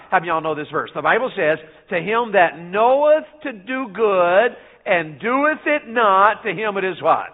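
Folksy Southern preacher, high and thin. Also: male voice, very animated, moderate pace. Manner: folksy, calls to the congregation, preaches in bursts. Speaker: revival preacher. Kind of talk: revival sermon. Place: church sanctuary. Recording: phone-like narrow band.

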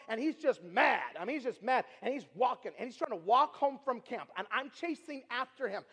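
A middle-aged man giving an earnest storytelling sermon as a youth speaker, repeating himself and dropping from loud to hushed. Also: extremely high pitch, animated, brisk, few pauses, breathy edge. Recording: long reverb of a large hall.

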